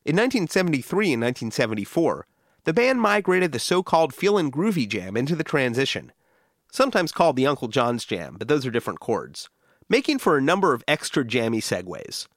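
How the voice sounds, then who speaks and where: A man hosting a music history podcast, reading scripted documentary narration in a measured, informative way. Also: mid-range voice, sing-song, no room sound, clean studio sound.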